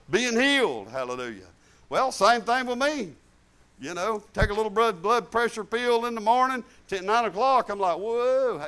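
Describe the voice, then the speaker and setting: A man's voice: high voice, a bit bright. A middle-aged man preaching a sermon in a folksy, emphatic way, repeating phrases for stress.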